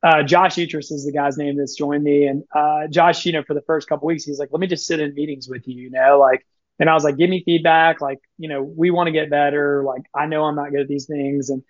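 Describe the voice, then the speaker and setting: A man chatting as a podcast guest, telling stories in a quick, lively way and often acting out what he and others said. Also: on the high side, no echo, muffled recording. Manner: fast, animated, quotes himself and others often. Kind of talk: casual storytelling.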